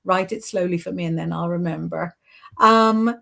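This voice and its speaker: A woman's voice: on the low side, normal speed, creaky, a bit bright. A woman hosting a casual live stream, chatting and encouraging as she reads viewer comments and gives intuitive readings, with lots of "sort of" and "you know".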